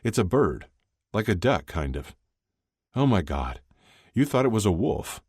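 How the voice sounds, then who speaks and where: A man's voice: lowish voice, sing-song, unhurried, a little mellow, breathy edge, no echo, clean studio sound, pitched above the performer's own voice, exaggerated voice. A man doing Shane, a teasing young hockey player. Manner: teasing, laughing easily.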